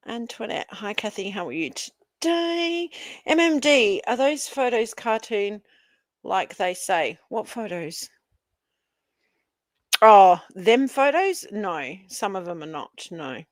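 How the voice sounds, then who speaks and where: A woman's voice: mid-range voice, very animated, takes it slowly, no echo. A woman with an Australian accent, Italian her first language, hosting a casual livestream and chatting as she reads comments. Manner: chatty, rambling, laughs often. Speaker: livestream host.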